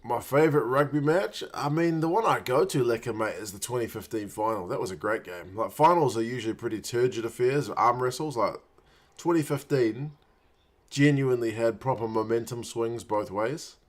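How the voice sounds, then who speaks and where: Brief: male stream host at home, mid-pitched, chatty, muttering play-by-play and cheering players on. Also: normal speed. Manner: muttered reactions, urging players on. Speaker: watch-along stream host. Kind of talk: casual live match commentary.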